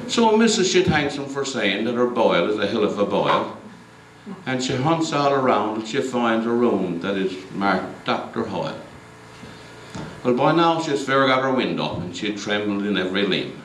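A man performs a comic recitation, his pitch rising and falling lively as he tells it. He stands far from the mic in an echoey concert hall with a faint murmur of room sound. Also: normal speed, slight background noise. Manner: lively storytelling.

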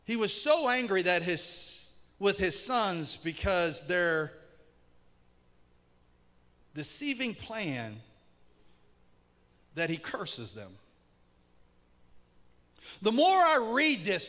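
A male pastor preaching a sermon, shouting for emphasis and then dropping very quiet, recorded in an echoey church hall. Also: high voice, sing-song, takes it slowly, long pauses. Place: church sanctuary.

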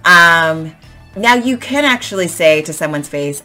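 A young woman gives a casual, chatty English vocabulary lesson, acting out example sentences and saying "um" a lot. Her low-pitched voice is animated, pushed and bright, and she speaks slowly over soft background music.

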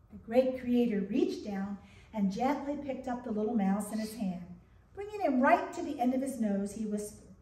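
A woman pastor reading a story aloud to her congregation in a gentle, expressive storybook manner. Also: a little high, normal speed. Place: church sanctuary. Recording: echoey church from a distance.

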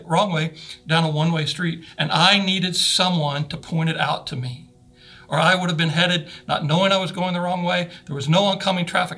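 Male pastor, bright forceful voice, earnest sermon delivery with slow emphatic stresses. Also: sits high. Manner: earnest preaching, slows and stresses key words. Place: church sanctuary.

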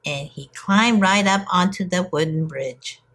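A woman teacher reading a picture book aloud to young children in an expressive storytelling manner. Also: on the low side, measured pace.

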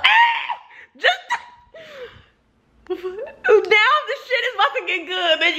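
A woman with a high, lively voice, talking straight to her viewers in a book reaction vlog. Her tone is bright and sharp, and she exclaims and swears freely as she reacts. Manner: animated, profane, exclamatory chatter addressed to viewers. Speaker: book vlogger. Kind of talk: casual reading reaction vlog.

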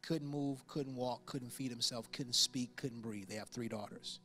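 A pastor in his forties delivering a sermon, telling a personal story with lively impressions of the people in it. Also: mid-range voice, a little slow. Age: 40s. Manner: storytelling with animated impressions and laughter.

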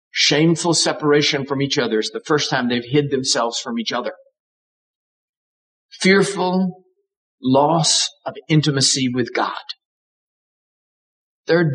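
A man's voice: medium pitch, a bit bright, rough recording. An older man preaching a sermon, with dramatic emphasis and acted-out voices. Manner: dramatic, acts out voices of God and characters.

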